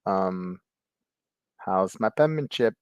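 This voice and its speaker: A man putting on a slow Italian boy pen pal. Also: low voice, expressive, clean tone, no room sound, studio quality. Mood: mock-polite. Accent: put-on Italian accent. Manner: slow, halting, mock-polite. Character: young Italian boy pen pal writing in broken English.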